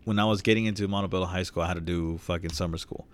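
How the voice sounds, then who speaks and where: A young man co-hosting a podcast, telling stories in a rambling, profane, animated way. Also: sits low, racing. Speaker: podcast co-host. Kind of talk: casual podcast banter.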